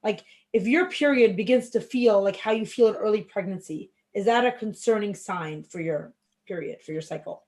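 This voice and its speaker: A woman's voice: medium pitch, normal speed, darkish tone, low-quality recording. A woman moderating an online class, reading audience questions aloud in a chatty way. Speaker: event moderator.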